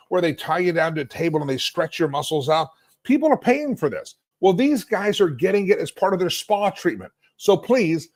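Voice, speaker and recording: A middle-aged man hosts a live political commentary stream from a hotel suite, sounding sarcastic and animated and often stumbling over his restarts. His voice sits a bit high for a man. The sound is dry and close, with no room echo. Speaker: talk show host.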